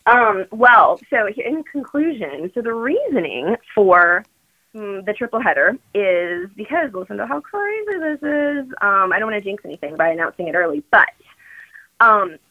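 A woman calling in to a podcast, chatting in an animated, rambling way with lots of fillers. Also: medium pitch, normal speed. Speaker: regular phone-in guest. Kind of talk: casual chat. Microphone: phone call. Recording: muffled phone line.

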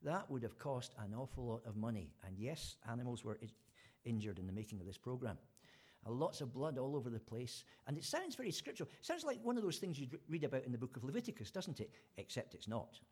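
A man's voice: medium pitch, big pitch swings, fast talker, a little mellow, slightly rough. A man preaching an informal sermon, retelling a story in a chatty way with fillers and restarts.

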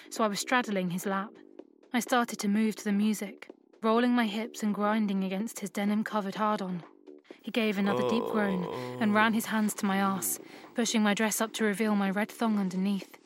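A woman's voice: medium pitch, fairly even intonation, fairly quick. Woman narrating a story over music. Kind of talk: first-person erotic story reading.

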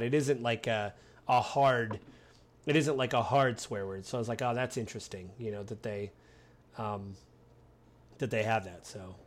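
A man co-hosting a casual film chat, animated and playfully acting out quoted lines. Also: lowish voice, normal speed, a little hiss or hum. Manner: animated, acts out quoted lines in funny voices. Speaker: podcast co-host discussing a film.

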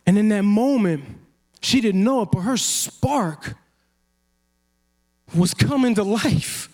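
A man preaching a sermon as a pastor, animated, acting out quotes and laughing often. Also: high voice, slow pace.

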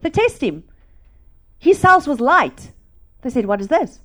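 Preaching a testimony sermon at a measured pace, a middle-aged woman from South Africa uses a high-pitched voice, staying animated and laughing as she shifts from loud passages to hushed ones.

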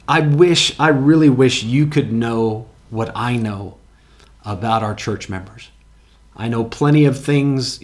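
A male pastor delivering a sermon to his congregation in a church. His voice sits in a middle pitch, and his manner is earnest and conversational. He often doubles words as he searches for the phrase, then punches out the old-style scripture verses with emphasis.

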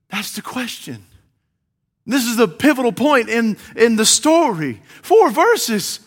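A man preaching a sermon, swinging between loud, ringing cries and hushed, quiet questions. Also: very high voice, sing-song, takes it slowly, breathy edge.

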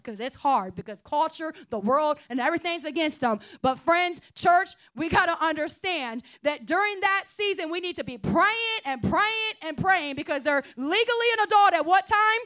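A woman pastor giving a lively, chatty sermon, joking and acting out quotes. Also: high-pitched. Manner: lively, chatty preaching with jokes and acted-out quotes. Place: church.

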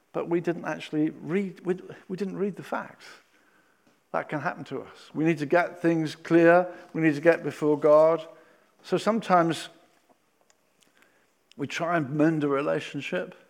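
A man preaching a sermon, acting out Bible scenes and swinging between loud and hushed delivery. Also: a little high.

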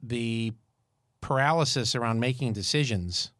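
A man's voice: medium pitch, a little slow, no echo, clean studio sound. Fifty-something man telling a story. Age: 50s. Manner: storytelling, animated and jokey. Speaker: podcast co-host. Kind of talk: casual chat.

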